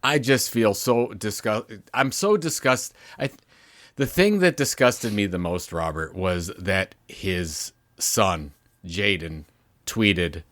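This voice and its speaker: A man's voice: fairly low pitch, takes it slowly, a bit bright, dry recording, studio quality. A man co-hosting a marketing podcast, chatting casually and ranting with an indignant edge. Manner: indignant, stumbling rants. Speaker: podcast co-host. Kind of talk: casual chat.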